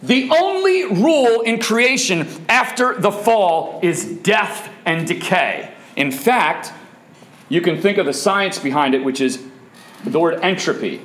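A man's voice: high voice, a bit bright. A man preaching a sermon, emphatic and firing rhetorical questions at his listeners. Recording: echoey room.

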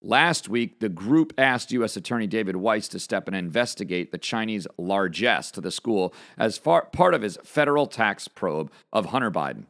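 A man hosting a political commentary show, reading a news story aloud and giving his opinion in an emphatic, indignant way. He says he is fired up and talking fast. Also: on the low side, lively intonation, gravelly, a bit bright. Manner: emphatic and indignant, punching single words.

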